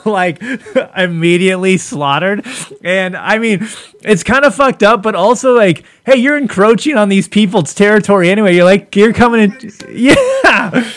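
A man's voice: sits high, expressive, moderate pace, a bit bright, no echo. A man hosting a podcast in casual chat, laid-back, laughing often and leaning on "like" fillers. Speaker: podcast host.

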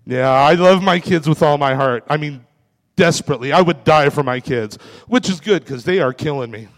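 A man in his forties doing a stand-up comedy set on a club stage, delivering self-mocking punchlines in a deadpan way. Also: on the high side, normal speed. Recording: reverberant club room.

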